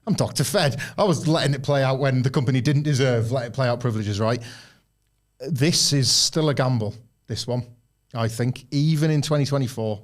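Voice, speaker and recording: A man co-hosting a podcast in casual chat, talking loosely with many fillers and acting out quoted lines. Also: mid-range voice. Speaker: podcast co-host.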